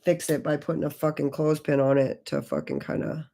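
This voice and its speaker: A woman in her forties runs a casual makeup livestream, chatting loosely with viewers and swearing a lot. Her voice sits low and warm, with big pitch swings and a slightly fast pace.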